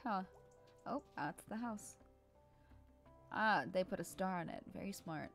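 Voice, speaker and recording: A woman's voice: medium pitch, animated, a little slow, soft background music. A woman giving casual let's play commentary, self-deprecating, giggly and rambling. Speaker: game streamer.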